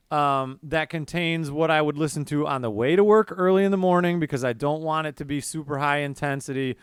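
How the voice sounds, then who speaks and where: A man's voice: fairly high pitch, smooth, no room sound, clean studio sound. A man co-hosting a casual music podcast, rambling along with fillers. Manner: rambling, many fillers and restarts. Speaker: podcast co-host.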